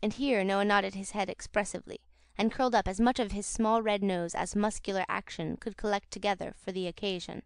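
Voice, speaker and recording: A woman narrating a classic novel audiobook in a measured, dramatic storytelling manner. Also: mid-range voice, fairly even intonation, clear, resonant tone, dry recording, studio quality.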